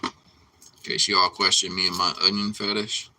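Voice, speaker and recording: A man's voice: low voice, level tone, moderate pace, bright, forceful tone, low-quality recording. A man hosting a casual live cooking stream from his home kitchen, chatting loosely with viewers and swearing freely. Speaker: livestream cooking host.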